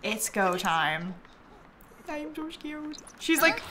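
A woman hosting a gameplay livestream, chatting to viewers, giggly and easily excited, thanking them for subscriptions. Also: high-pitched, slow pace. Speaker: livestream host.

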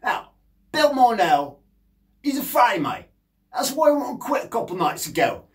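A man's voice: very high-pitched, very animated, normal speed. A man playing a brash, boozy, scatterbrained male punk rocker, rambling cheekily in a comic monologue. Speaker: punk singer and guitarist. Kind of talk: comedic monologue in character.

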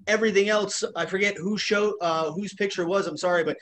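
A man's voice: sits high, steady tone, quick pace, a bit bright. A man co-hosting a casual video podcast, joking and teasing his guest, with a self-described nitpicky streak. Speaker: podcast co-host.

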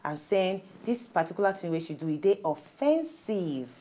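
A woman's voice: lowish voice, moderate pace. A woman with a Nigerian accent hosting a studio talk show, chatting casually in pidgin and reading out stories. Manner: animated, laughs often, reads out stories.

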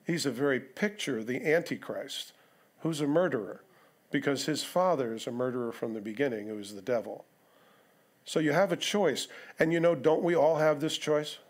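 A man's voice: mid-range voice, moderate pace. A male pastor preaching an expository sermon, conversational, with rhetorical questions and asides to the congregation. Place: church sanctuary.

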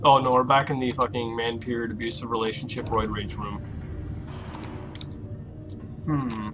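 A young man commentating a horror game let's play, swearing a lot and reacting loudly with jumpy outbursts. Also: medium pitch, level tone, normal speed, music in the background. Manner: loud, profane, jumpy reactions. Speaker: gaming YouTuber.

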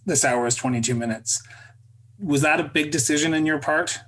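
A man hosting an interview, halting and restarting as he builds up his questions. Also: on the high side, a bit bright. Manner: halting, stacks up "uh" and restarts before reading out facts. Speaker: interview host.

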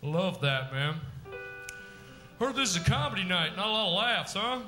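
A man's voice: sits high, fast, music in the background. A man doing live character comedy on a club stage, rambling and blustery like a brash dad working the crowd. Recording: echoey live club room.

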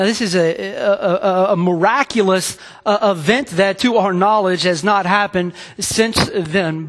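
A man preaching a sermon as pastor, earnest and halting, often restarting his phrases. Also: sits high, a bit bright. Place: church sanctuary. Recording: long hall reverb.

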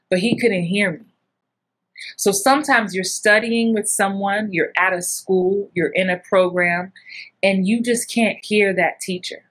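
Middle-aged woman, acting coach, lively chatty teaching voice that jumps high in acted-out bits. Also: a little slow. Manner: animated, acts out little scenes with big jumps in pitch. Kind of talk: casual coaching talk.

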